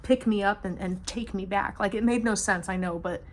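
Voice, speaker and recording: A young woman vlogger telling a storytime monologue to her camera, swearing freely and speaking with animated emphasis. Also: mid-range voice, moderate pace.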